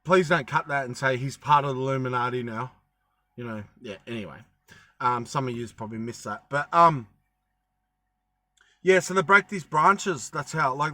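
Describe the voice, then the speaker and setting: A man's voice: on the high side, pushed and bright. A young man chatting casually to camera, rambling with lots of ums and restarts, with a bit of a cough. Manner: rambling, many ums and self-corrections. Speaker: travel vlogger.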